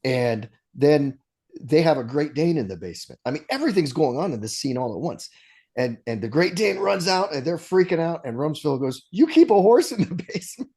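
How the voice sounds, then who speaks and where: A podcast co-host on a casual movie show retells scenes with animated storytelling, laughing often and restarting his sentences. His voice sits on the high side with a breathy edge, and he talks at a normal speed.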